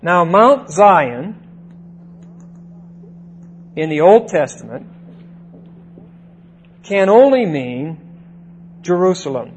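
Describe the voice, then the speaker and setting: A man teaching the Bible verse by verse, deliberate, stressing single words and checking in with "see?" and "okay?". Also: sits high, big pitch swings, slight background noise, poor audio.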